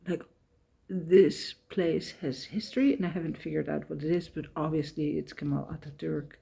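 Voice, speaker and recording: A woman's voice: low-pitched, vocal fry, dark tone, husky. A woman on a walking pilgrimage, chatting casually to camera as she tells the day's story, emotional and close to tears. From Ireland. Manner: chatty storytelling, retelling conversations. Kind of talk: casual travel vlog.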